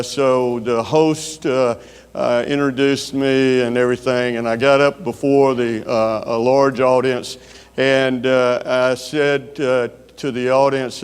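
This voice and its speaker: A keynote speaker with a Southern US accent tells stories in a folksy way, often pausing on fillers. His mid-range voice is smooth and resonant, and a long reverb trails off the walls of a large conference hall.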